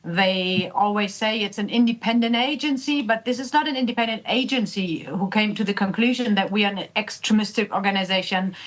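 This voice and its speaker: A woman's voice: medium pitch, poor audio. A woman from Germany with a German accent, a politician guest speaking earnestly in a remote interview, English not her first language.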